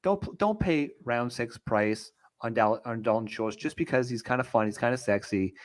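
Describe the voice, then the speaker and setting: A chatty man from Canada co-hosting a fantasy football podcast. He speaks at an everyday middle pitch. His tone is relaxed and joking, and he pokes fun at himself. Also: normal speed. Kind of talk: casual sports podcast banter.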